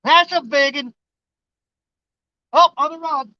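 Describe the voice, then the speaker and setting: A man, chatting casually and excitably in a fishing vlog, folksy and joking. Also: very high voice, slow pace, dry recording, muffled recording. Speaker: fishing vlogger. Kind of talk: casual outdoor vlog chat.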